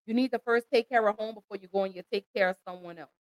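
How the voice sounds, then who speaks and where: A woman's voice: mid-range voice, very fast, dry recording, poor audio. A woman hosting an emotional commentary, pleading and impassioned as she talks straight to her listeners. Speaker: host.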